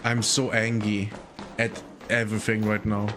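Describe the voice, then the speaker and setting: A man's voice: on the low side, level tone, unhurried, background noise. A man streaming a video game in casual chat, muttering to himself and swearing a lot. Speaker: gaming streamer.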